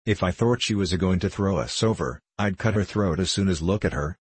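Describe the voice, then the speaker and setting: A man's voice: low voice, brisk, dry recording. A man reading the lines of a hulking, brutish male convict who growls slangy threats. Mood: savage. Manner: savage, gruff, slangy threats.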